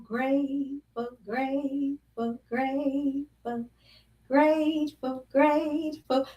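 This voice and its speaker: Woman hosting a live stream, high bright voice, slow and bubbly, echoey room a bit off mic. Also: far from the mic. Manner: exuberant, greets viewers by name, bursts into song. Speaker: host of a live show. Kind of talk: casual live-stream chat. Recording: roomy echo, voice somewhat off-mic.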